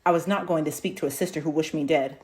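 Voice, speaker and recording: A woman reading a storybook, voicing a hurt, sulky little girl who pleads in a high, tearful voice. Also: quick pace, natural voice.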